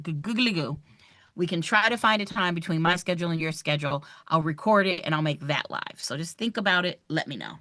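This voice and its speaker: A woman, running a live online review for a real estate exam, chatty and animated as she talks straight to her viewers. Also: fairly low pitch, no room sound, clean studio sound.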